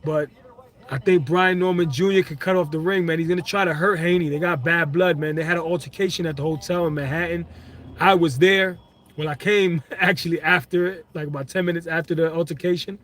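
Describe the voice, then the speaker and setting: Excitable New man streaming live. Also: on the high side, fairly quick. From Brooklyn, New York. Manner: excitable, laughs often, slangy, talks to chat. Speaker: livestream host. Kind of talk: casual live stream chat, reading comments.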